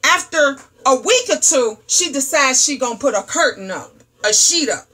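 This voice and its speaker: High bright sassy woman. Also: lively intonation, normal speed. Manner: loud, profane, sassy storytelling. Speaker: host. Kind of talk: livestream talk show rant.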